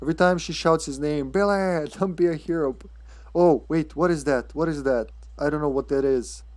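A man's voice: fairly high pitch, fairly even intonation, fairly quick, a little mellow. A man streaming a horror game live, commenting casually, often stammering, swearing and laughing.

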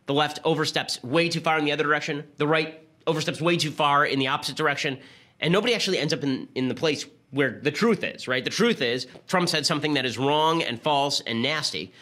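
A man's voice: fairly high pitch, pushed and bright. A man hosting a political talk show, delivering a sarcastic, argumentative commentary monologue. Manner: rapid-fire, sarcastic, argumentative.

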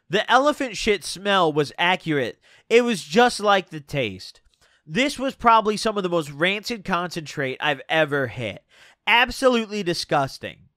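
A man with a high, bright voice spins a rambling storytime tale, swearing freely and calling the listener "bro." The sound is dry and close, with no room around it. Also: no echo. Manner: casual and profane, full of "bro" and "dude". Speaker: vlogger. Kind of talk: storytime vlog.

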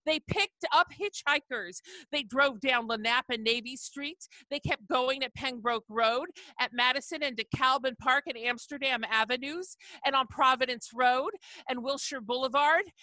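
A woman's voice: high voice, moderate pace, pushed and bright, no room sound. A woman reading her own poem aloud over a video call, chanting long rhythmic lists and rising into emphatic refrains. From not from the South. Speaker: poet. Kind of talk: poetry reading.

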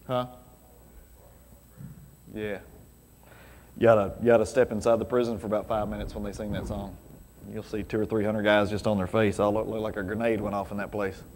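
A man's voice: on the low side, little pitch movement, brisk, long pauses, darkish tone, slight background noise. A man preaching a casual, conversational sermon full of rhetorical questions to his congregation. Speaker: pastor. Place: church sanctuary. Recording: reverberant church hall.

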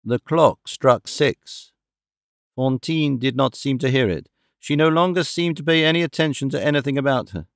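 Gravelly male audiobook narrator. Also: fairly high pitch, no echo, clean studio sound. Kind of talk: scripted narration.

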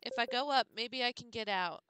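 A woman's voice: a little high, fairly quick, over music. A woman streamer muttering and thinking aloud while puzzling through a game. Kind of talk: casual gameplay commentary.

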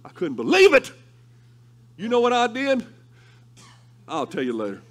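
A male pastor preaching a sermon through lively, humorous storytelling. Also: very high-pitched, moderate pace, slight background noise. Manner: animated, humorous storytelling with laughter.

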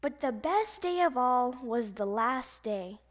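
A woman reads a children's picture book aloud, slowly and expressively. Her voice is high and lively. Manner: animated, expressive. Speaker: storybook reader. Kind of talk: children's storybook read-aloud.

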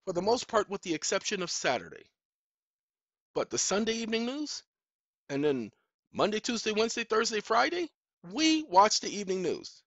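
Man, emphatic, preachy, rhetorical questions, swooping pitch, dull lo-fi recording. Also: big pitch swings, moderate pace, creaky, dry recording. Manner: swings between loud outbursts and low, hushed stretches. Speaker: video blogger. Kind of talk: impassioned monologue to camera.

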